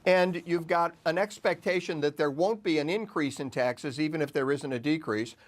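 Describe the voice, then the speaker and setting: A man answering questions as a guest commentator on a live business news broadcast. His voice sits a little higher than most men's, and he lays out his view in an earnest, measured way. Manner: earnest, steady, a few restarts. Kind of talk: live TV interview.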